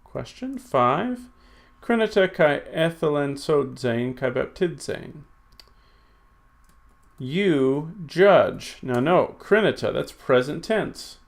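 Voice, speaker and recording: A man with a slightly high, gravelly voice speaks slowly in a sing-song way while teaching Greek in a recorded lesson. He works through exercises by thinking aloud as he types, correcting himself with many fillers.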